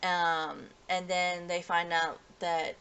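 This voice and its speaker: Rambling low-voiced woman anime reviewer. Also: level tone, slow pace, fairly bright tone, smooth. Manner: rambling, restarts often, many fillers. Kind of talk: casual episode recap.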